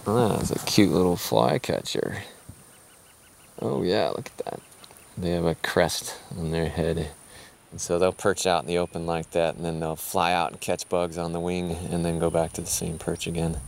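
Low-voiced guy out in the field talking animals, easygoing and keen, faint outdoor hum behind. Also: fairly even intonation, normal speed, gravelly. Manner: enthusiastic, casual, with fillers. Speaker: wildlife conservationist. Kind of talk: explaining on a field walk. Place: outdoors by a dry riverbed.

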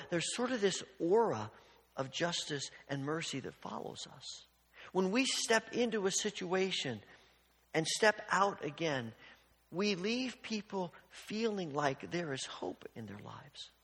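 A man preaching a sermon in an earnest way, often stumbling over repeated words and dropping to a hushed voice for emphasis. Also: high voice, husky, long reverb tail. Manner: earnest, repeats words when restarting, drops to quiet near-whispers for emphasis.

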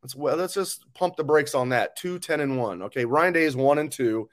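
A sports show host runs a live talk stream, reading viewer comments and ranting angrily and bluntly with swearing. His voice is a little high and he speaks at a moderate pace.

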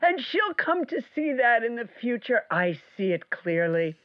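A woman's voice: fairly high pitch, big pitch swings, a little slow, dry recording. A woman playing an overconfident psychic caller, insistent and mystical, over a dull phone line.

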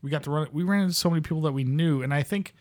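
A man's voice: a little high, rapid-fire, a little mellow. A man co-hosting a podcast in casual chat, easygoing, laughing often and swearing now and then. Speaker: podcast co-host.

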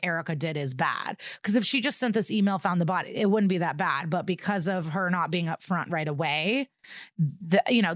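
Recorded dry in a clean studio, this podcast co-host has a fairly low voice. She animatedly walks through an episode in relaxed conversation, voicing the characters' lines and cursing along the way.

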